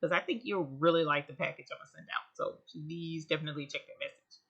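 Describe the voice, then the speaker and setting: Here a woman with a low, slightly rough, somewhat bright voice talks quickly, and the audio sounds dull. She hosts an embroidery channel's livestream, chatting casually and expressively with viewers and welcoming them by name.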